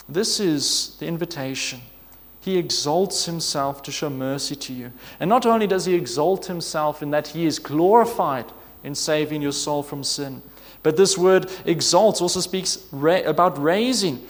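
A man's voice: on the high side, lively intonation, measured pace, long reverb tail. A man preaching a sermon, earnest and emphatic, reading scripture and pleading with rhetorical questions.

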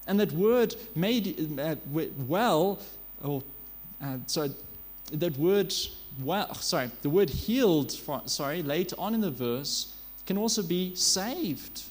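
A man's voice: fairly high pitch, expressive, takes it slowly. A man preaching a sermon in an earnest manner, asking rhetorical questions and sometimes correcting himself as he goes.

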